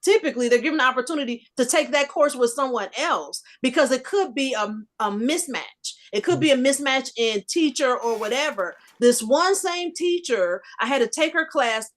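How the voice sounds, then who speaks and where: A woman in her fifties telling a personal story in a casual group discussion, animated and emphatic. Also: high voice, moderate pace, few pauses. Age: 50s. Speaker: discussion panelist.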